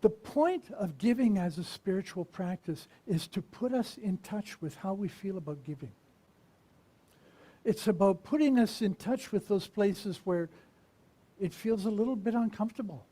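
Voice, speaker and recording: A minister giving a conversational sermon, asking the congregation questions and pausing to reflect. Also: medium pitch, expressive, dark tone. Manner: unhurried and reflective, with pauses.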